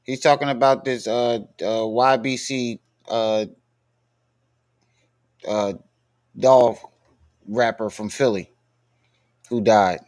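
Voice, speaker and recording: A man's voice: medium pitch, steady tone, slow, long pauses, darkish tone. A man hosting a live stream, talking in a blunt, profane, mocking way as he reacts to a video. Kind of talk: casual live-stream commentary.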